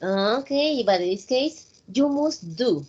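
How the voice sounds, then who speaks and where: A woman's voice: fairly high pitch, expressive, slow, a little mellow, husky. A woman English teacher with a Spanish accent, running a class and mixing simple English with Spanish. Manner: switches between simple English and Spanish, encouraging. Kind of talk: online class instruction. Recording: dull, lo-fi online call audio.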